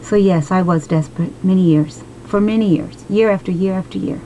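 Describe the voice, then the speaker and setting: A woman in her late forties talking slowly and emotionally in a personal vlog, encouraging her viewers. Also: fairly low pitch, mellow, a little hiss or hum, rough recording. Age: 40s. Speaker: vlogger. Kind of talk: heartfelt personal vlog talk.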